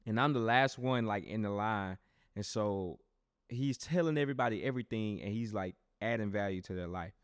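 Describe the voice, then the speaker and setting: A young adult man hosting a podcast and telling a personal testimony in a loose, animated, conversational way, often speaking straight to his listeners. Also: on the low side, normal speed, dry recording, clean studio sound. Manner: animated storyteller who talks straight to listeners; loose and conversational, with frequent restarts. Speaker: podcast host.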